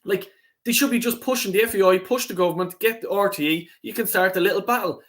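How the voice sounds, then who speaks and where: A man's voice: high-pitched, fast, a bit bright. An Irish man hosting a casual live stream, reading out chat comments, swearing freely, with lots of ums and restarts. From Ireland.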